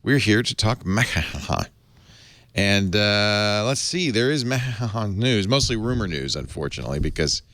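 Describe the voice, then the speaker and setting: A man's voice: on the low side, animated, normal speed, few pauses, fairly bright tone, no room sound. A man hosting a tech podcast, playful and joking as he chats with his guests. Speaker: podcast host. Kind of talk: casual tech chat.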